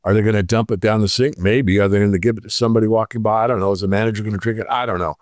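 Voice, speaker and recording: A man's voice: on the low side, steady tone, racing, no echo, clean studio sound. A man, an interview guest, telling an everyday story in casual talk, acting out both sides of the conversation.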